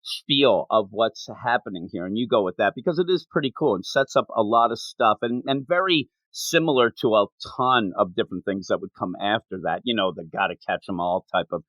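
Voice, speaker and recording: A man co-hosting a casual podcast, talking with animated energy and laughing often as he acts out bits. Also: on the low side, fairly quick, few pauses, dry recording, lo-fi sound. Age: adult, not young. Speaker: podcast co-host.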